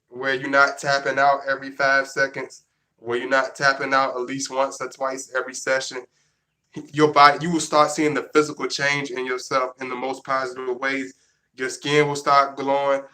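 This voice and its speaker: Bright-voiced man rambling casually. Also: medium pitch. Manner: rambling, repetitive, restarts sentences. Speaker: vlogger. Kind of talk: casual monologue to camera.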